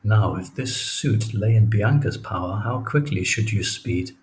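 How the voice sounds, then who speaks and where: A man's voice: on the low side, measured pace, darkish tone, slight background noise, close to an everyday voice. A male audiobook reader voicing a cunning, scheming villain with a sly, insinuating delivery. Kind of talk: audiobook character reading.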